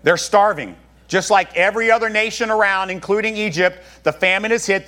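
A man's voice: sits high, brisk, pushed and bright. A man pastor preaching a sermon, talking to his congregation in a conversational way with joking asides.

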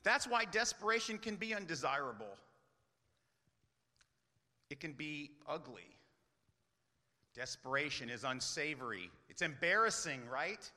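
A man's voice: fairly high pitch, sing-song, measured pace, long pauses, bright, forceful tone, in a large hall. A man preaching a sermon as pastor, earnest, often asking rhetorical questions.

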